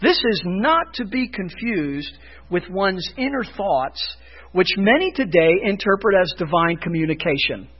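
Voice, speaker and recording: A man preaching a sermon as pastor, emphatic, rising loud for emphasis and dropping low. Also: big pitch swings, a little slow, slightly rough, lo-fi sound.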